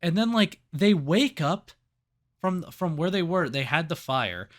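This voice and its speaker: A man's voice: a little high, a little slow. A man co-hosting a casual movie review podcast, cursing freely and acting out scenes as he retells them. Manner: swears freely, retells scenes with animated voices. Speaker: podcast co-host.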